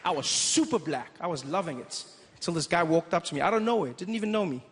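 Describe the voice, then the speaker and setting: Animated South African comedian on stage. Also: male voice, on the high side. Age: 30s. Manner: animated, quick, playful storytelling. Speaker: stand-up comedian. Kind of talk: stand-up comedy set. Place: large theater stage. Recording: echoey theater with crowd noise.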